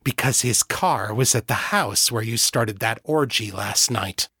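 A man's voice: on the low side, a little slow, bright, forceful tone, breathy edge, dry recording, exaggerated voice. Brief: stern woman interrogator read by a man, curt and sour, dry recording. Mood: cold. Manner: curt, acidic. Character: stern female agent, hostile interrogator.

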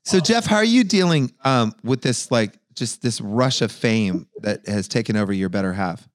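Lively teasing male host. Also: mid-range voice, moderate pace, dry recording, studio quality. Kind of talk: casual banter.

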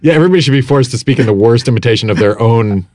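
A man's voice: mid-range voice, animated, very fast, a little mellow. A man with a Pennsylvania accent joking in a casual podcast chat.

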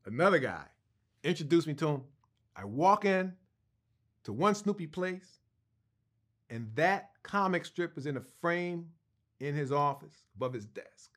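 A man being interviewed as a guest co-writer, telling an anecdote in an animated, excited way, with restarts and laughs. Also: on the high side, unhurried, pauses often.

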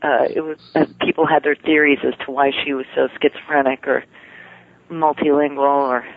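A woman's voice: deep voice, little pitch movement, a little fast, dry recording. A woman voice actress, a guest on an interview show, chatting casually with lots of laughter and self-deprecating humor. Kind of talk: casual podcast interview chat. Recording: tinny phone line, dry.

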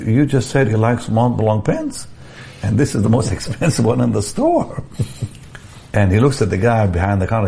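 An older man with a fairly low voice tells a long personal story in an interview. He is animated, repeats himself and restarts phrases, and chuckles often. Faint ambient noise sits behind him. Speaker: evangelist guest telling a story.

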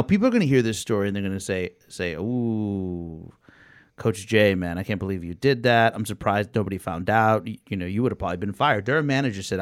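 Animated man telling a story. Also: fairly low pitch, no room sound, clean studio sound. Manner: animated, acts out voices in the story. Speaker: podcast co-host. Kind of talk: casual storytelling.

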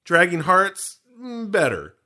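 A high, bright-voiced man hosts a podcast and rambles his way through jokes. His pitch swings widely as he slips into quick voice bits. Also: huge pitch swings. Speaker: podcast host. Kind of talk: comedic podcast banter.

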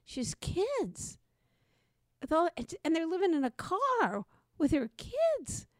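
A woman co-hosting a podcast, telling a personal story in an animated, conversational way. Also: extremely high pitch, slow pace, no echo, clean studio sound. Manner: animated, acts out quoted voices. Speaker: podcast co-host.

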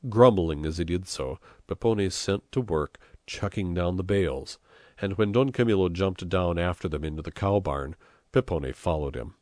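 A male narrator reading a novel aloud at a measured pace. His voice is deep and low-set. The sound is dry and close, with no room echo. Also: expressive, a little mellow. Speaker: audiobook narrator. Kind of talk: scripted narration.

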